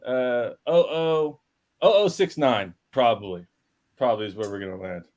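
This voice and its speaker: Male team member, mid-pitched, easygoing and hesitant. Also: moderate pace, a little mellow. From United States. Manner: laid-back, hesitant, with fillers. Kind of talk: casual chat.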